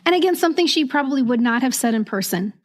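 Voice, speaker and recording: A woman's voice: sits high, animated, fast. A woman in her fifties co-hosting a casual podcast, laughing easily and reading old letters aloud with feeling. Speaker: podcast co-host.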